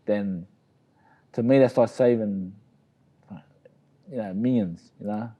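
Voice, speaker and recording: A man's voice: lowish voice, slow, warm tone, highs cut off. A middle-aged Australian man telling a long story in a casual, rambling way, often saying "you know what I mean". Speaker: interview guest, boxer.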